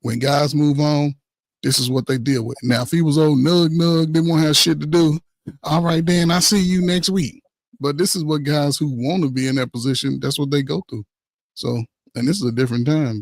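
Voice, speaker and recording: A man talking casually on a discussion panel, telling stories in a loud, animated way with swearing and laughs. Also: fairly high pitch, moderate pace, no room sound. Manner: animated storytelling with profanity and laughs.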